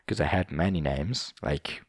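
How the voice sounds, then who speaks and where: A man's voice: a bass voice, measured pace, husky, no echo, studio quality. A man hosting a podcast, ranting in a casual, profane, rambling and self-mocking way. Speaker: podcast host.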